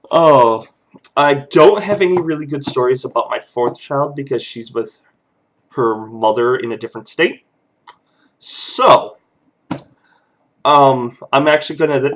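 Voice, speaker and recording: A man's voice: mid-range voice, fairly bright tone, a little hiss or hum. A man in his thirties, a father casually telling family stories, chuckling often and loose with fillers. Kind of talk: casual storytelling vlog.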